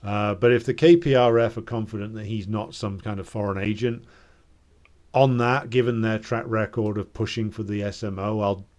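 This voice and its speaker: A man's voice: lowish voice, steady tone, normal speed, darkish tone. A man in casual political discussion, talking hesitantly with many fillers and restarts.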